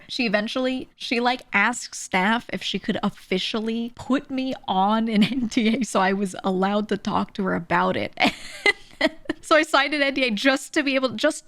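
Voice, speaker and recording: A woman's voice: mid-range voice, fairly bright tone. A woman VTuber streamer telling a story in a casual way, laughing often and swearing freely.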